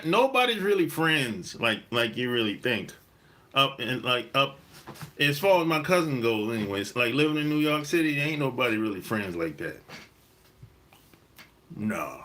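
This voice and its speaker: Man, podcast host, casual monologue, slow delivery, bright tone. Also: mid-range voice, very animated. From South Carolina, USA. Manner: emphatic storytelling, drawn-out stresses, blunt cursing.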